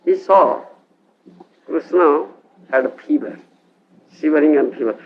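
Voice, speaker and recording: Odia-accented man, devotional lecturer, gravelly edge, dull lo-fi 1980s tape. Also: fairly high pitch, unhurried. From India. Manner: frequent checks with the audience, acts out quoted voices. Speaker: spiritual teacher. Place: lecture hall in India.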